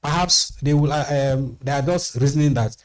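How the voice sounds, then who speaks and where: A man of middling pitch talks things through on a TV studio panel, steady and deliberate, repeating his key phrases to drive them home. He sits a little back from the mic. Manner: measured, repeats phrases for emphasis. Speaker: panel guest. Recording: slightly distant mic.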